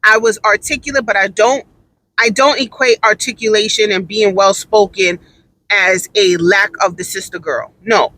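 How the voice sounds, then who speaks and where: A woman's voice: mid-range voice, fairly even intonation, moderate pace, sharp tone, rough recording. A woman telling a story in a casual monologue, emphatic and repeating her points for stress.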